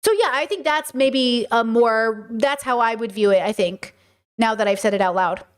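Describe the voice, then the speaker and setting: A woman's voice: on the high side, moderate pace, clean tone. A woman hosting a casual chat stream, talking in an emphatic way with lots of fillers. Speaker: streamer and host.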